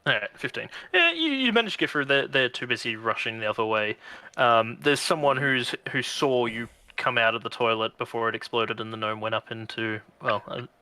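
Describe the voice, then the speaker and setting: A man's voice: medium pitch, expressive, brisk, sharp tone, dry recording. A man narrating a tabletop game as game master, casual and laughing, swearing freely.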